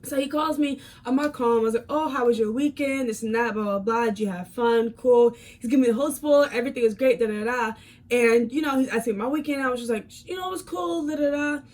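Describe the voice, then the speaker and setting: A woman in her twenties telling a casual storytime vlog, animated, with many fillers and repeated words, swinging from calm to heated. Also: a little high, quick pace. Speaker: fitness vlogger.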